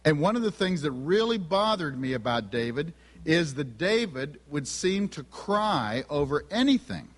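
Very animated and fairly high-pitched, this middle-aged preacher keeps a measured pace with few pauses while acting out funny family conversations. His talk on family and spiritual gifts echoes with the long reverb of a big hall.

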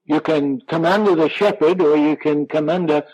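A man preaching a sermon, slow and emphatic, drawing out the words of scripture he quotes. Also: a little high, darkish tone, husky, muffled recording.

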